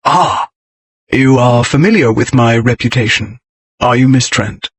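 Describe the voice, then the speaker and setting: A man's voice: mid-range voice, measured pace, breathy edge, no echo. A man voicing a big, brooding aristocrat who drawls with sardonic wit.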